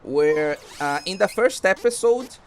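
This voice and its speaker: A man's voice: high-pitched, lively intonation, unhurried, a little hiss or hum. A man streaming a game, talking casually and rambling with lots of fillers. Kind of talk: casual commentary while gaming.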